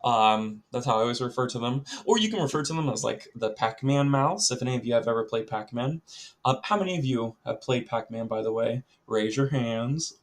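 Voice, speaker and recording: Young male music teacher, mid-pitched, chatty voice-over for a kids' class lesson. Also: expressive, a little fast. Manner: chatty, addresses students directly, many ums. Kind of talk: recorded music lesson for children.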